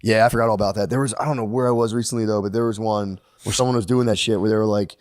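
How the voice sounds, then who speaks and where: Male podcast co-host, rapid and profane, rambling storyteller, dry close mic. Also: on the low side, steady tone, a little mellow, no room sound. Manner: rambling, profane, acts out annoyed voices. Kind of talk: casual chat.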